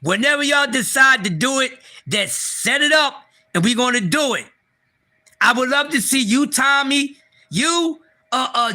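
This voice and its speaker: A man hosting a casual livestream, excitable and profane, talking straight to his viewers and often repeating and restarting. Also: very high-pitched. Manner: excitable, profane, talks to chat. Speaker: livestream host.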